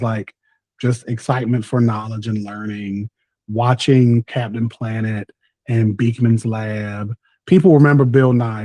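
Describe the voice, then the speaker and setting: Southern man, thirties, chatty and playful guest, mid-pitched, close dry mic. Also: warm tone, no echo. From North Carolina, US. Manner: exuberant, talkative, playful. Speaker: podcast guest, content creator. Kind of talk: casual chat.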